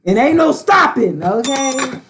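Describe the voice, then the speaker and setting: Chatty woman tarot reader, slightly high voice. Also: big pitch swings, a little slow, background noise. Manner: chatty, slangy, talks straight to viewers. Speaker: tarot reader hosting a live stream. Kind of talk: casual live-stream chat.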